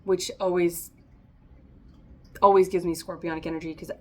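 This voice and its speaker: A woman's voice: fairly low pitch, level tone, moderate pace, mellow. A woman giving a casual, chatty tarot reading to camera, encouraging and often laughing. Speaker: tarot reader.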